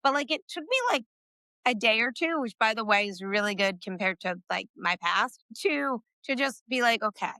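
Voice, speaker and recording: A woman, a podcast guest, talking casually in an animated, fast way with many fillers. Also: fairly high pitch, no echo. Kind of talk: casual conversation.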